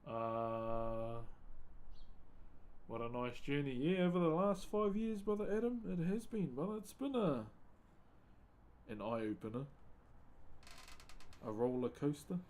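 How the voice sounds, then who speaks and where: A relaxed New Zealander carves wood during a live stream, chatting casually with viewers and greeting them by name in easygoing slang. His voice is mid-range and a little slow, with long pauses.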